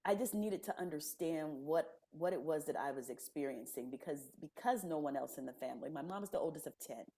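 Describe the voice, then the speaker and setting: A woman speaking as a podcast guest, her voice sitting a little low and swinging widely in pitch as she tells her story. She slips into the people she quotes and keeps her tone casual and expressive. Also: a little fast. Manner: animated, laughing storyteller who acts out quoted dialogue.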